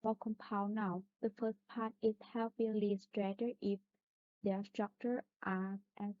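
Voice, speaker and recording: A woman's voice: mid-range voice, level tone, unhurried, dry recording. A woman reading a class presentation on stressing compound words, carefully listing examples. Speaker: student presenter. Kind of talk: reading a pronunciation lesson. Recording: dry phone-like recording.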